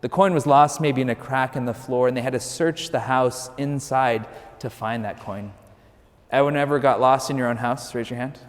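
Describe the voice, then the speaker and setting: Male priest, mid-range voice, casual storyteller with dry humor, booming church reverb. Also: moderate pace. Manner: conversational, lightly joking storytelling. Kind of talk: sermon.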